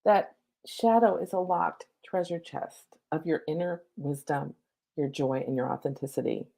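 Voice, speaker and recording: A woman's voice: sits low, normal speed, gravelly, warm tone. A middle-aged woman, a spiritual coach, giving a live-streamed lesson from home on her laptop mic, casual, chatty and cheerfully profane.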